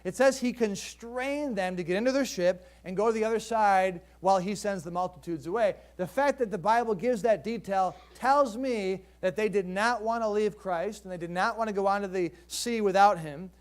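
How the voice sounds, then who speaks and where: A man's voice: high voice, normal speed, hardly any pauses. A male pastor preaching a sermon in a conversational way, asking the congregation rhetorical questions.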